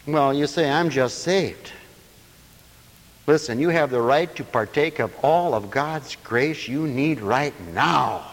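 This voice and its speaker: A man preaching a lively sermon, breaking into laughter and playful asides. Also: measured pace, hardly any pauses, big-room sound. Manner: animated, swooping pitch, laughing asides.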